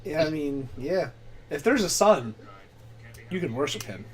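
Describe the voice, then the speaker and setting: Stammering male game master, slightly high voice. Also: animated, unhurried. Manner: stammering restarts, self-mocking jokes. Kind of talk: narrating a tabletop game on a live stream.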